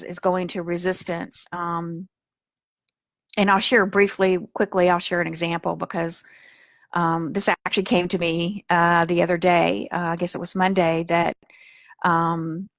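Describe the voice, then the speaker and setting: A woman's voice: lowish voice, fairly bright tone, no echo, studio quality. A woman teaching spiritual healing in a soothing, earnest way, with frequent fillers as she talks. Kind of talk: spiritual guidance talk.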